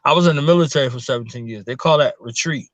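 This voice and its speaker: A man's voice: medium pitch, racing, dry recording. A middle-aged man hosting an interview in a casual, encouraging way with preacherly phrasing. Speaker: podcast host.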